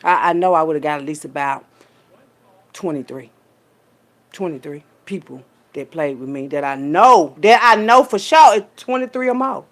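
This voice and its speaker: A woman, telling a story in a casual rant full of profanity and swinging between loud, high bursts and low, quiet asides. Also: normal speed. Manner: animated, profane, streetwise storytelling with big pitch jumps when quoting people. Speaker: vlogger.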